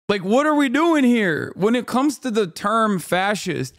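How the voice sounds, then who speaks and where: A man in his thirties streams his reaction to a clip, talking in an emphatic, incredulous way with plenty of swearing. His voice sits fairly high for a man. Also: big pitch swings, measured pace, hardly any pauses, a bit bright.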